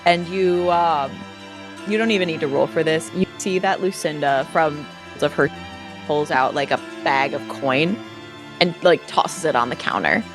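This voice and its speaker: Low-voiced woman game master. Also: measured pace, over music. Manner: casual, relaxed, filler-heavy narration. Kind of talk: narrating a tabletop role-play game.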